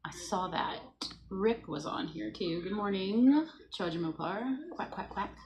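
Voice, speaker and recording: A chatty woman hosts a relaxed morning livestream, talking in a playful, easygoing way and greeting viewers one by one. Her voice sits at a middle pitch. A faint hiss runs under the recording. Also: unhurried, creaky, rough recording. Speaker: livestream host. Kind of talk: casual morning livestream chat.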